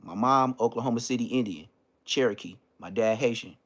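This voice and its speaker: A man hosting his own live stream, telling a story in a loose, profane way and jumping into high-pitched exclamations. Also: a little fast, a bit bright. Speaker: livestream host.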